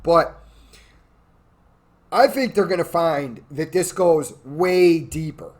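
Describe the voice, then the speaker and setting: A man's voice: a little high, slow, a little mellow. A tipsy man ranting in a crude, rambling, profane way as host of his own show. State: drunk. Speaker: podcast host. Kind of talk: drunken political rant.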